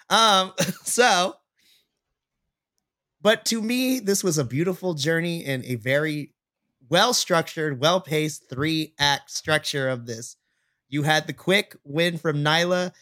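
A playful man co-hosting a podcast, talking in casual chat with a fairly high voice. He laughs easily and breaks things down step by step. The sound is dry and close, with no room around it. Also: pushed and bright, no echo. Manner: playful, laughs often, breaks down matches analytically. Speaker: podcast co-host.

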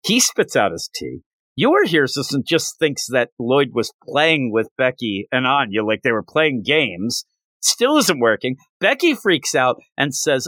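A man's voice: medium pitch, sing-song, measured pace, fairly bright tone, dry recording. A man hosting a podcast, recapping a manga chapter in a rambling, casual storytelling style full of fillers. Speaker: podcast host.

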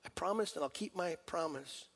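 A man voicing a gentle, reassuring God. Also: fairly high pitch, moderate pace, big-room sound. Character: reassuring male God, patient and kind.

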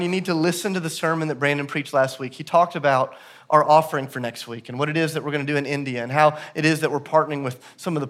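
A male pastor preaching a sermon in a church service, telling stories that swing from hushed to loud and emphatic. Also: a little high.

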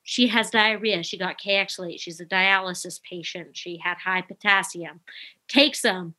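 A young adult woman, a nurse, telling a story in casual chat and acting out quotes with big jumps in pitch. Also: normal speed, pushed and bright.

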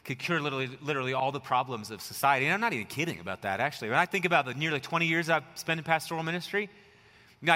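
A man's voice: on the high side, bright, forceful tone. A man in his forties preaching a sermon as pastor, asking the congregation rhetorical questions in a conversational way. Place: large church hall. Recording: long hall reverb.

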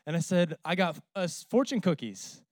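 A man's voice: high-pitched, very animated, moderate pace, a little mellow, dry recording, studio quality. A man in his thirties, a pastor, preaching a sermon in a conversational, humorous storytelling way.

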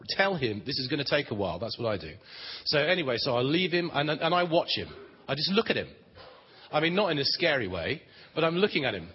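A man's voice: medium pitch, slightly rough. A man giving a plain, conversational teaching talk on prayer at a Christian conference, with dry humor. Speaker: conference speaker on prayer ministry. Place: large conference hall. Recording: dull, reverberant hall recording.

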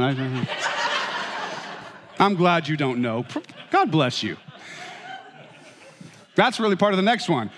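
Man, pastor, sermon, self-mocking storyteller, slightly high voice, long hall reverb. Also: huge pitch swings, measured pace, pauses often, a bit bright.

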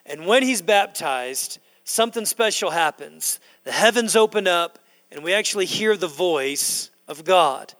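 A middle-aged male pastor preaching a sermon in a church, slowing down to stress key words and building to loud emphasis. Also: high-pitched, expressive. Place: church sanctuary. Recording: long hall reverb in a church.

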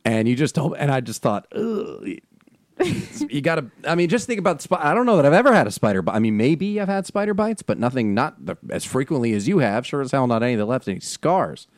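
A man co-hosting a casual chat, animated and laughing often, talking fast. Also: medium pitch, dry recording, studio quality. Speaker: podcast co-host. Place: Los Angeles area.

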